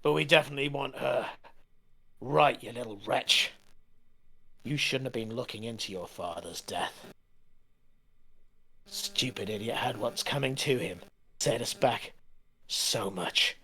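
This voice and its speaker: A man's voice: medium pitch, flat delivery, rapid-fire, vocal fry, few pauses. A man doing a snarling brigand thug. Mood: menacing. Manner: shouted threats and sneering taunts.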